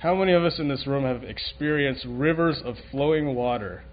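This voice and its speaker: A man's voice: medium pitch, a little fast. A man preaching a sermon in a conversational way, asking the room questions and often restarting his sentences. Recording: dull lo-fi recording, faint room noise.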